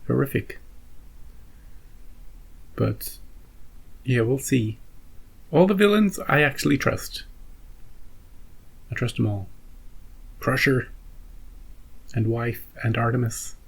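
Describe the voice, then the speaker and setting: A man's voice: mid-range voice, takes it slowly, vocal fry, long pauses, husky, poor audio. A man hosting a reaction channel, recapping a show in a wry, musing way and asking himself questions. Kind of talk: casual recap monologue.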